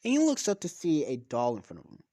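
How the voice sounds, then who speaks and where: A man's voice: a little high, huge pitch swings, fast talker, warm tone. A man casually making up a story as he goes, rambling, swearing and losing track of names.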